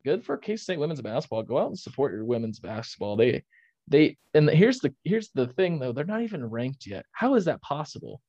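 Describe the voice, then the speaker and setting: A man's voice: on the high side, sing-song, brisk, mellow, no echo, lo-fi sound. A young man co-hosting a casual sports podcast, ranting with energy and often restarting his sentences. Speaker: podcast co-host.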